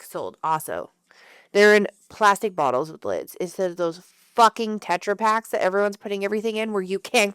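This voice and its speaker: A woman co-hosting a podcast in casual chat, telling animated stories full of acted-out quotes and frequent laughter. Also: medium pitch, smooth, dry recording, clean studio sound. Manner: animated storyteller who acts out quotes and laughs often. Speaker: podcast co-host.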